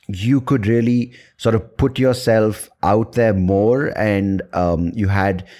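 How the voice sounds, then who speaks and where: A man with a somewhat low voice hosts a podcast conversation. He builds long, winding questions, often restarting mid-phrase and checking in with "right?" as he goes. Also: a little mellow. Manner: rambling, restarting, many fillers and "right?". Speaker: podcast host.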